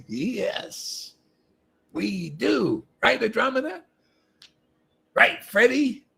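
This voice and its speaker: A man hosting a livestream, preaching with animated emphasis, repeating himself and laughing often. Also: extremely high pitch, extremely slow, gravelly, husky. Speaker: livestream host. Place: livestream setup.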